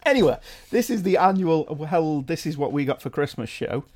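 Middle-aged man, podcast host from England, wry self-mocking banter, slightly high pitch. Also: lively intonation, normal speed, darkish tone. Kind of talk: casual chat.

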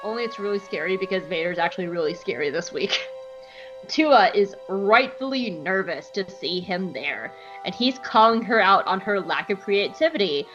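A woman's voice: mid-range voice, animated, normal speed, a bit bright, highs cut off, soft background music. Playful woman recapping an episode. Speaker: podcast host.

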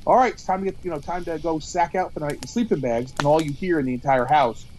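A man's voice: a little high, quick pace, a little mellow, slight background noise, low-quality recording. A man co-hosting a podcast outdoors at a campfire, telling rambling stories, swearing and acting out quotes. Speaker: podcast co-host. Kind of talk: casual storytelling chat.

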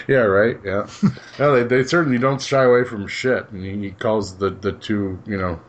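A man's voice: fairly low pitch, steady tone, normal speed, a little hiss or hum. A man hosting a casual podcast chat, laid-back and chuckling, often trailing off his sentences. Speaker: podcast host.

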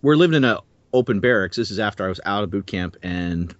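A man on a podcast, casually telling an animated story and acting out the voices in it. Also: lowish voice, fast, no echo, lo-fi sound. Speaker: podcast co-host. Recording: music bed underneath.

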